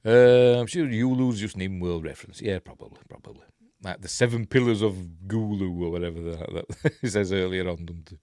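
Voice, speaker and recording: A man's voice: sits low, brisk, mellow, no room sound, clean studio sound. A middle-aged man with a Yorkshire accent hosting a casual film breakdown, rambling through the plot with chuckling asides and chatting to viewers. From Yorkshire, England. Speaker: host of a film review show.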